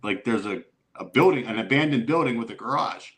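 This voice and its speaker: A man's voice: medium pitch, fairly quick. A middle-aged man, a guest on a casual podcast, telling a long story with swearing and acted-out quotes. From Youngstown area, Ohio, USA. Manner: animated storyteller who swears and acts out quotes.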